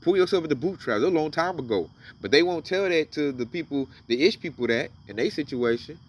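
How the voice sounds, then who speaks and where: A man's voice: a little high, lively intonation, fast talker, recorded from a distance, a little hiss or hum. A man giving casual, emphatic commentary on scripture, reading verses aloud and then riffing on them. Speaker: religious commentator.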